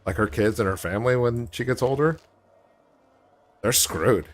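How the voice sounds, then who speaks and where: A man's voice: medium pitch, normal speed, a little hiss or hum. A man streaming a game, chatting casually in a rambling way with joking asides. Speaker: gaming streamer. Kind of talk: casual chat while gaming.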